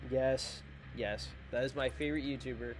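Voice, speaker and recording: A man wraps up his gaming video, sleepy and worn out, talking in a loose, rambling way. He jokes at his own expense as he goes. His voice sits at an ordinary middle pitch, with a faint hum of noise underneath. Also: fairly even intonation, normal speed. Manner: rambling, chatty, self-joking. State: sleepy, tired. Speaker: gaming channel host. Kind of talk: casual video outro chat.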